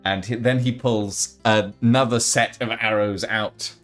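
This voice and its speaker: A man's voice: fairly low pitch, fairly even intonation, a little slow, a bit bright, faint music behind. Laid-back man game master. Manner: casual, filler-heavy narration. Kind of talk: narrating a tabletop game.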